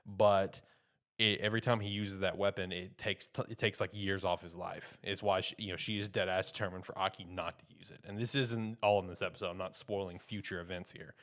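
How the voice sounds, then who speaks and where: Rambling laid-back man, lowish voice. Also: fairly even intonation, a little fast, fairly bright tone. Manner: loose and rambling, full of "you know" and "like". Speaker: podcast co-host reviewing anime. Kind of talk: casual chat.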